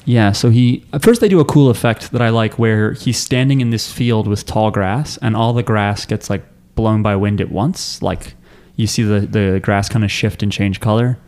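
A man's voice: on the low side, moderate pace, a little mellow. A man co-hosting a casual podcast chat, recapping an anime with crude jokes and rambling asides. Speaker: podcast co-host.

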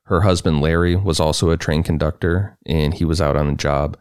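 A man's voice: rumbling low, fairly even intonation, fairly quick, darkish tone, smooth, dry recording, studio quality. A man co-hosting a true-crime podcast, retelling the case in a plain, matter-of-fact way. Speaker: podcast co-host narrating a case. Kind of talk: casual true-crime storytelling.

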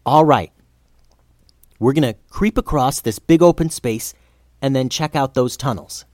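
A man's voice: mid-range voice, measured pace, darkish tone, no echo, natural voice. A man voicing a decisive kid leader in a read-aloud story, close to his own voice. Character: take-charge kid leader.

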